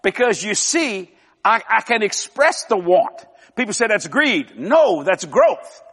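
A man's voice: sits high, very animated, unhurried, a bit bright. An older man preaching a sermon, folksy and emphatic, joking with his congregation. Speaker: televangelist preacher. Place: large church hall. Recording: long hall reverb.

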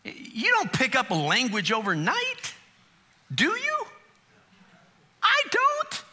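A man's voice: very high voice, huge pitch swings, slow, pushed and bright. A middle-aged man preaching a sermon as pastor, conversational and humorous, with frequent rhetorical questions.

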